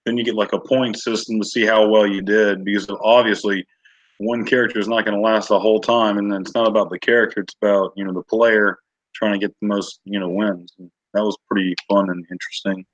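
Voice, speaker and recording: Low-voiced dude rambling about old games on stream, dry muffled audio. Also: male voice, little pitch movement, brisk, dry recording. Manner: rambling, lots of fillers and restarts. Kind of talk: casual chat on a livestream.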